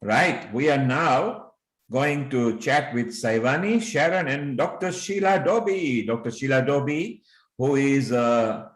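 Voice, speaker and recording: A man's voice: medium pitch, unhurried. A man hosting a live online show over a video call, greeting and praising his guests with effusive compliments. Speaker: host. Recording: echoey room on video call.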